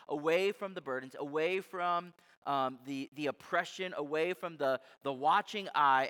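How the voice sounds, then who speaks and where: A man's voice: a little high, pushed and bright. A male pastor preaching a sermon in a conversational, emphatic way, explaining things to his listeners. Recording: long hall reverb.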